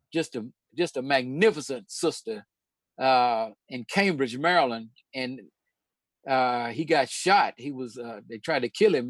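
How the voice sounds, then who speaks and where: A man's voice: medium pitch, dry recording. An older man from North Carolina, hosting a casual talk and telling stories with many restarts and laughs. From Charlotte, North Carolina, USA. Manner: storytelling, hesitant with many restarts, laughs often. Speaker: host.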